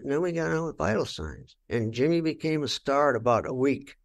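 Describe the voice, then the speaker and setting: A creaky, sing-song mid-range voice moves briskly as an older rock guitarist is interviewed. He's blunt and swears constantly, telling stories and acting out the things he once said.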